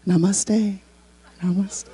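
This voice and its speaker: A woman voicing a precious, earnest male hipster waiter who talks in a gentle, soothing way. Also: medium pitch, little pitch movement, slow pace, husky, dry recording, voice pushed down.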